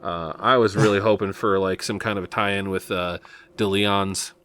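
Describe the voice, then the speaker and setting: A man's voice: fairly low pitch, steady tone, moderate pace, a bit bright, clean tone. Rambling, chuckling man from Nebraska. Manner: rambling and chuckling, many fillers. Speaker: podcast host. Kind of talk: casual podcast chat.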